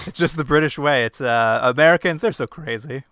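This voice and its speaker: A man's voice: on the high side, fairly quick, fairly bright tone, dry recording, studio quality. A man co-hosting a podcast, recapping a movie in casual chat and laughing often. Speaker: podcast co-host.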